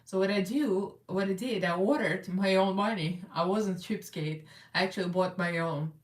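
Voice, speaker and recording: A Russian American woman with a medium-pitched voice hosts a casual live makeup chat at normal speed. She's chatty and rambling, laughing often as she works, in an echoey room with her voice a little far from the mic.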